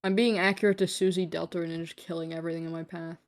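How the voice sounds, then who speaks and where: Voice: medium pitch, little pitch movement, fast talker. Joking, rambling late-night game streamer. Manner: joking, rambling, laughs often. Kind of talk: casual live gaming stream chat. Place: at home, live stream.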